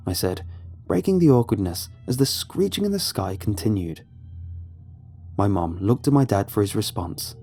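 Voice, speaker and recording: Mellow-voiced man narrating horror. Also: on the low side, big pitch swings. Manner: measured, suspenseful storytelling. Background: faint music.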